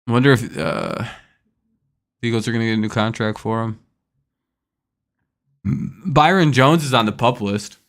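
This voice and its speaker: On his casual stream, the young host reads out news and later swears irritably at a viewer in chat. His medium-pitched, fairly bright voice keeps a normal speed but pauses often.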